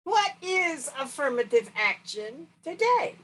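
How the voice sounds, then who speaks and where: A woman hosting an interview, asking her guest questions in a deliberate, measured way. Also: sits high, big pitch swings, fairly bright tone, rough recording. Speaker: interview host.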